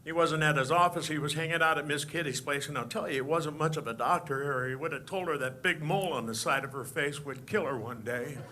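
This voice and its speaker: A man doing an impression of a stammering, folksy old-time film actor, telling a tall tale with a halting, drawling delivery. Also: a little high, bright, forceful tone, slight background noise, voice pushed down.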